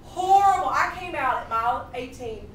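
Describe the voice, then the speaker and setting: A woman telling a comic story to a live audience, animated and laughing as she talks. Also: sits high, normal speed. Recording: echoey room from far off, noisy.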